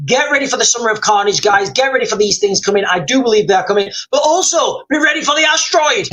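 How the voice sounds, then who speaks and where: A man hosting a livestream, chatting casually and reading out viewer comments in a rambling, excitable way with lots of repeats and fillers. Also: very high voice, fast talker, low-quality recording. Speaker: livestream host.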